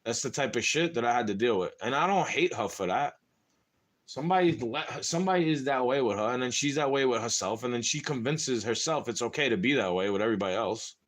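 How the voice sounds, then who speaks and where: A man's voice: medium pitch, animated, quick pace, a bit bright. A young man venting in a rambling, casual monologue to camera, frustrated and full of slang. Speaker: vlogger.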